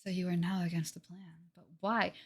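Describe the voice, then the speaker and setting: On a livestream, a woman voices game dialogue as a scheming ancient spirit possessing a young woman, with formal, condescending, archaic phrasing. Her voice is husky and on the low side, level in tone, at a moderate pace. Loud game music plays behind her.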